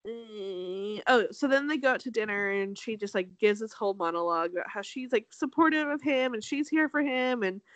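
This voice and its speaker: A young woman co-hosting a casual chat, talking fast and loose, laughing often and acting out quotes. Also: lively intonation, no room sound. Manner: chatty, laughs often, acts out quotes with big pitch jumps. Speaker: podcast co-host. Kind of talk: casual chat recapping a reality show.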